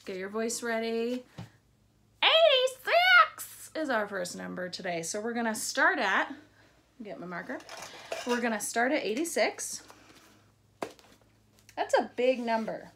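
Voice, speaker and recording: A woman teaching a math lesson to young children on video, playful and encouraging as she talks straight to them and counts out loud. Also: fairly high pitch, a little hiss or hum. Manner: slow, drawn-out counting aloud.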